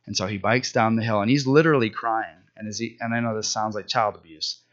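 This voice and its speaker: A man's voice: fairly low pitch, fairly even intonation, fast, fairly bright tone. Earnest man preaching, dull lo-fi sound. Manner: earnest, conversational storytelling. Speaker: pastor. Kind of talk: sermon.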